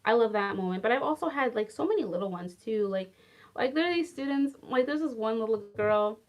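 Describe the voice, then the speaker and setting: Young woman, chatty storyteller, fairly high voice, lots of "like". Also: brisk. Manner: chatty, heavy use of "like", animated and affectionate. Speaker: former English teacher in Japan. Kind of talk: casual storytelling vlog.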